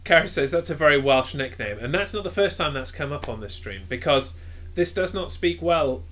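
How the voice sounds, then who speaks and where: Bright-voiced man with dry quips. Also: on the high side, lively intonation, normal speed. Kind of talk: casual banter on a live stream.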